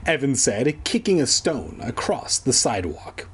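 A man's voice: medium pitch, very animated, measured pace, fairly bright tone, breathy edge. A man reading a children's book aloud with rambling jokey asides. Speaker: reader.

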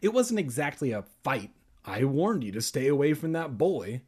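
A man voicing a stern, scolding middle-aged aunt in a comic storybook reading, with a husky voice. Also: mid-range voice, very animated, moderate pace, a little mellow.

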